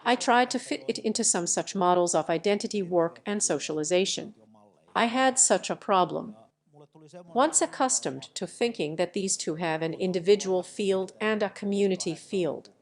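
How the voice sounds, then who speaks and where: Woman reading out a lecture evenly. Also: medium pitch. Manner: even, measured delivery that announces each question and answer. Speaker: narrator voicing a lecture Q&A. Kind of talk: read-out translated lecture with audience questions.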